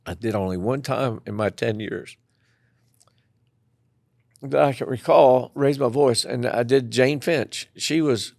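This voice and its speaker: An older man, a former school principal telling lively stories in an interview and acting out the people in them. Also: mid-range voice, unhurried, pauses often, no echo, clean studio sound. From southeastern Tennessee. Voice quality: gravelly. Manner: animated storyteller who acts out the people in his stories. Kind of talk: storytelling interview.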